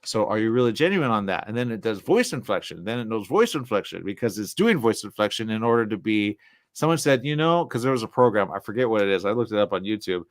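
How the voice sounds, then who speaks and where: A man hosting a radio talk show alone, rambling in a loose, animated way, jumping into quoted voices and trailing off into mumbles. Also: lowish voice, quick pace, no room sound.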